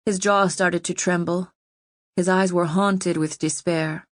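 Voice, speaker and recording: A woman narrating an audiobook in a steady storytelling manner. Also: on the low side, a little slow, no room sound, clean studio sound. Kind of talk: scripted narration.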